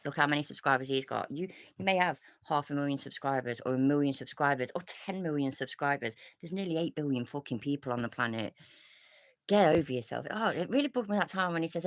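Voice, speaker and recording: A woman's voice: low voice, very animated, a little fast, a bit bright, no echo. Woman streamer, rambling rant, dry close sound, restarts and sighs, plenty of swearing. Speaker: commentary streamer. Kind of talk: casual ranting commentary.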